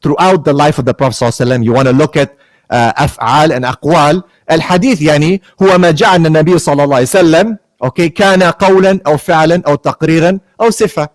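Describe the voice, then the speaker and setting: A man's voice: a little high, very fast, no room sound. Combative man debating with Arabic terms. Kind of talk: heated online debate.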